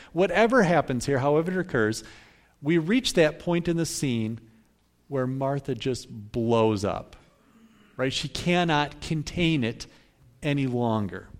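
A man preaching a sermon in a conversational way, often checking in with listeners by asking "right?". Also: a little high. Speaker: pastor.

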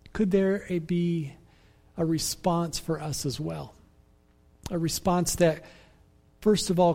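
A man preaching a sermon as pastor, in a measured, reflective way that repeats phrases for emphasis. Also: a little high, a little mellow.

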